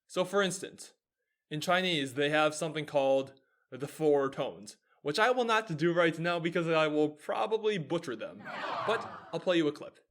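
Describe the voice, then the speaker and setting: An animated young American man with a voice on the high side hosts his own video show, explaining things at a moderate pace. His delivery is upbeat and lecturing, a lively explanatory style.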